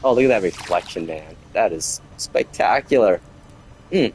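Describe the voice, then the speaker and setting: A man's voice: sits low, moderate pace, slightly rough, faint music behind. A man, casually chatting with viewers and rambling while he plays a game. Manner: relaxed, rambling, chats with viewers while playing. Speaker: game streamer. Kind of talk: casual gameplay commentary.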